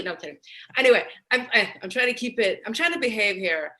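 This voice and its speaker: An actress from Los Angeles talks on a panel, lively and animated. Her voice is bright and sits at a middle pitch. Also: quick pace. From Boyle Heights, Los Angeles. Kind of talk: panel discussion.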